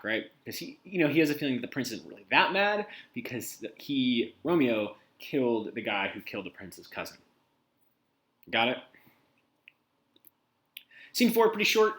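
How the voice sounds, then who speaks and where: A man talks through a play as a teacher, loose and conversational. His voice sits at a middle pitch, and he drops into casual paraphrase of the characters' lines as he goes. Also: very animated, normal speed, pauses often, fairly bright tone. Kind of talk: casual lesson summary.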